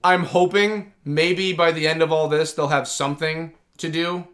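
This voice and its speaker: Male streamer, casual chat, rambling, enthusiastic, bright, slightly high. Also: fairly even intonation, normal speed. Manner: rambling and enthusiastic, heavy use of "like". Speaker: livestream host.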